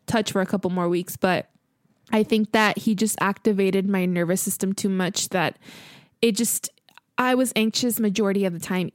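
A woman's voice: medium pitch, dry recording, studio quality. A woman in her late twenties casually telling a personal story on a podcast, full of "like" and "you know.". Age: 20s. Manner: chatty, lots of "you know" and "like". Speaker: podcast co-host.

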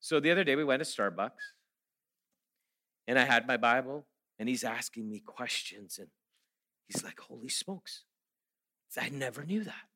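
A man's voice: medium pitch, lively intonation, moderate pace, long pauses, sharp tone. A middle-aged man giving a sermon, telling stories and then rising to emphatic preaching. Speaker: guest speaker.

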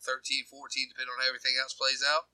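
A man's voice: mid-range voice, monotone, very fast, sharp tone, no room sound, rough recording. A man with a Carolina accent co-hosting a casual sports podcast, confidently rattling off predictions. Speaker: podcast co-host.

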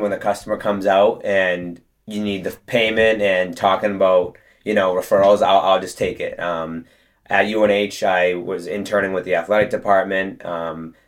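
Low-voiced chatty young man. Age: 20s. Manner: chatty, storytelling with many fillers. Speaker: guest, detailing business co-owner. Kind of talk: casual interview talk.

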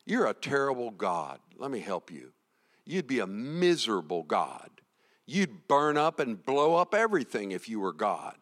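A middle-aged man preaching a sermon as a pastor. He swings from hushed to loud, often repeating and restarting his words. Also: medium pitch, wildly swooping pitch, normal speed, big-room sound.

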